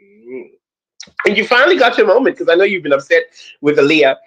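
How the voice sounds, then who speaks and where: A man with a high, very lively voice hosts a casual chat. He talks playfully, laughs often and jumps into excited squeals. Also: brisk, husky, lo-fi sound. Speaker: podcast host.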